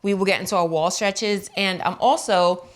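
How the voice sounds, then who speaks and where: A young woman chats playfully to her camera at home, rambling through her day while chewing gum. Her voice sits at an ordinary middle pitch, loose and casual. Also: fairly even intonation, moderate pace. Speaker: vlogger.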